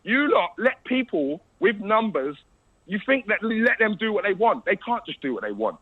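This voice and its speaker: A man's voice: high-pitched, very animated, moderate pace. A man arguing insistently in an interview, talking over the interviewer and pressing his point. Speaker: interview guest. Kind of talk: heated interview argument. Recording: muffled interview clip.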